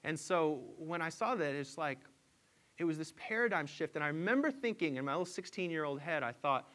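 A man in his forties preaching a sermon, telling a personal story and building to loud, emphatic peaks. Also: on the high side, expressive, fairly quick. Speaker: pastor.

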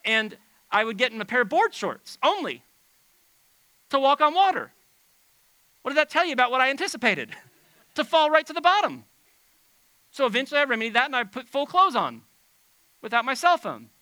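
A man preaching a sermon on a church stage, talking in a loose, conversational way with big swings between quiet and loud. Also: extremely high pitch, a little fast, pauses often, dry recording, poor audio. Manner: animated, conversational preaching with dramatic swings in volume. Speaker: pastor. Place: church stage under bright lights.

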